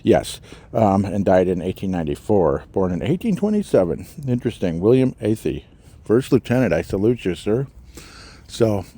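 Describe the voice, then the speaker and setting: A man hosting a podcast, walking outdoors through a cemetery and musing aloud with pauses, slightly out of breath. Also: fairly low pitch, mellow. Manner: musing, halting, reads out names and dates. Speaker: podcast host. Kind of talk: walking tour commentary.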